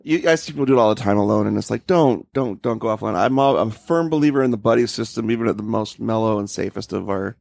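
A man's voice: on the low side, fast, creaky, hardly any pauses, darkish tone, no room sound. A man co-hosting a podcast in casual chat, earnest and emphatic, repeating words for stress.

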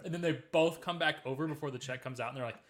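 A man in casual chat, telling a story quickly and loosely with a lot of swearing. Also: fairly high pitch. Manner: fast, profane storytelling. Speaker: podcast co-host.

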